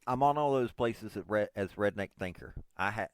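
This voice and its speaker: Man, 40s, podcast host; low, smooth voice, unhurried, self-deprecating rambling. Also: dry recording. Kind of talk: casual rambling monologue.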